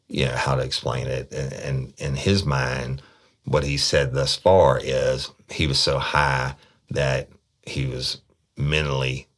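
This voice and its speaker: Gravelly deep man telling a story. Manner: blunt and profane, frequent stammered restarts. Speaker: former detective telling a case story. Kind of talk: casual spoken storytelling podcast.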